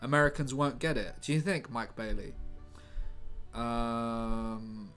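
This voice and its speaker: A man's voice: medium pitch, steady tone, slow pace, a bit bright, smooth. A young man chatting casually on a live stream, joking with his chat as he types. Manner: chatty and jokey, banters with chat. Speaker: streamer writing a film script live. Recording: faint music behind.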